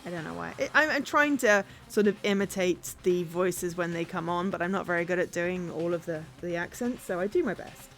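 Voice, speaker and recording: A woman's voice: fairly low pitch, fairly quick, few pauses, fairly bright tone, soft background music. A woman streamer chatting casually and self-deprecatingly between voicing characters in a visual novel. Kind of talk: casual chat while reading a visual novel aloud.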